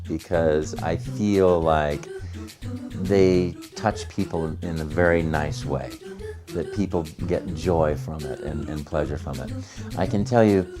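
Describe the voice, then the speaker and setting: A lower-pitched man from the United States tells anecdotes in an interview, lively and expressive, slipping into acted-out quotes. He often trips and repeats words as he talks. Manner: animated, acts out quotes, stumbles and repeats words. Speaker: voice actor, interview guest.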